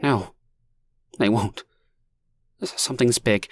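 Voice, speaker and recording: A man's voice: mid-range voice, slow, no room sound. A man voicing a frightened, remorseful middle-aged man whose voice is strained and trembling. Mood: fearful.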